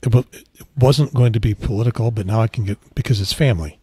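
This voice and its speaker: Male podcast host, husky and low, dry close sound, hushed rambling delivery. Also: fast, dry recording. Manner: rambling, self-correcting, quiet. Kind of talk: casual solo podcast talk. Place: outdoors on a beach trip.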